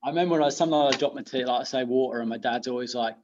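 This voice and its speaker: A man's voice: mid-range voice, racing, a little mellow, muffled recording, slight background noise. A man with a British accent, a guest teacher chatting casually and self-deprecatingly on a podcast. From United Kingdom.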